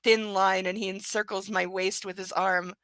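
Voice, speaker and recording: A woman's voice: mid-range voice, flat delivery, moderate pace, a bit bright, no echo, rough recording. A woman doing a live book reading, breaking off into sarcastic, exasperated commentary with swearing. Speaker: reader and commentator.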